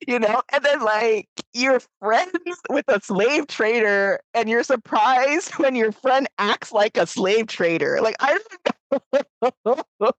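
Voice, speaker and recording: A woman co-hosting a podcast, chatting casually about a film, animated and laughing often as she acts out lines. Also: medium pitch, dry recording, rough recording. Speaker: podcast co-host. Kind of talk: casual film review chat.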